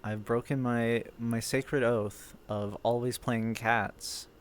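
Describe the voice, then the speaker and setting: A man chatting casually to his stream between roleplay scenes. He is animated and profane and takes his time with his words. His voice sits in an ordinary middle pitch. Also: takes it slowly. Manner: animated, swears freely.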